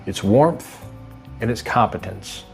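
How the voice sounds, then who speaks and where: A man giving a scripted motivational talk to trucking managers, speaking in a steady, instructive and emphatic way. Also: fairly low pitch, takes it slowly, creaky, soft background music.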